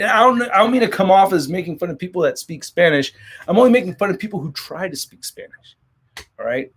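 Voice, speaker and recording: A man's voice: fairly high pitch, a bit bright. Rambling profane man chatting on a livestream. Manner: rambling, profane, jokey, many restarts. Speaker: toy collector channel host. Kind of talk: casual livestream chat, reading viewer comments.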